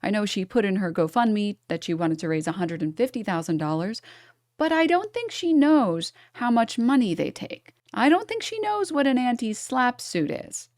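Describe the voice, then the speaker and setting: A woman's voice: fairly high pitch, big pitch swings, normal speed, a little mellow. A woman streamer gives casual reaction commentary to her chat. Her tone is sarcastic and exasperated, and she often slides into mockery. The sound is close and dry, with no room echo.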